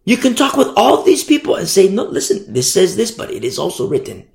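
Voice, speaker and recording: Male preacher, fervent sermon, loud then hushed, gravelly, echoey room. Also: high-pitched, sing-song, fairly quick. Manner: fervent, swings between loud emphasis and hushed asides.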